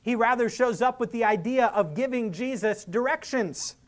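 With a mid-range voice at normal speed, a preacher works through an expository sermon. He sounds earnest and emphatic, reasoning with the audience and dramatizing quoted speakers.

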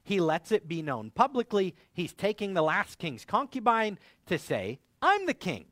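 A male pastor delivers a sermon with a slightly high voice that swoops up and down as he acts out biblical scenes. His delivery is animated and theatrical. The sound is dry and close, with no room echo. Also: moderate pace.

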